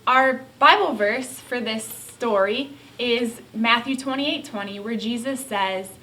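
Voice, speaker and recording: A woman leading a children's Bible lesson and prayer, explaining things gently and simply to young kids. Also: on the high side, unhurried, hardly any pauses, poor audio. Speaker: children's church teacher.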